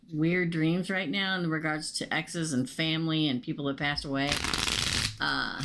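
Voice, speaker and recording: A woman's voice: low voice, creaky, a bit bright, slight background noise. A woman doing a casual live tarot reading, naming cards and chatting with viewers about their questions. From United States. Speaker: tarot reader.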